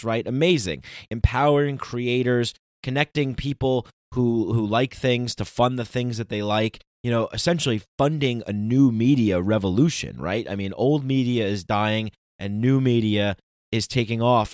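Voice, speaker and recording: A man's voice: mid-range voice, no room sound. Podcast man ranting in a dry room. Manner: ranting, animated, emphatic. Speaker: podcast host. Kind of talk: casual monologue.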